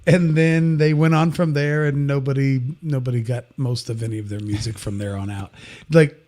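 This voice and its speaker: A man hosting a podcast, telling an anecdote in relaxed, halting chat with many fillers. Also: mid-range voice. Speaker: podcast host. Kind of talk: casual chat.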